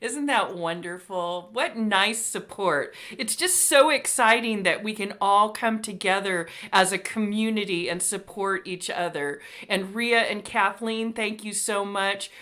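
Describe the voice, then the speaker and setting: A woman's voice: mid-range voice, a little slow, hardly any pauses, pushed and bright. A woman hosting a live online book talk, gushing with praise and reading viewer comments aloud. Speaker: host.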